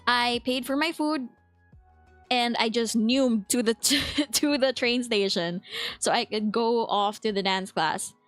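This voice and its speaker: A chatty young woman with a Filipino accent, talking casually to her live chat and laughing often. Her voice sits a little high. The sound is dry and close, with faint music playing behind her. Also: fairly bright tone, no echo. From Philippines. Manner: chatty, quick to laugh, reads chat aloud. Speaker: VTuber streamer.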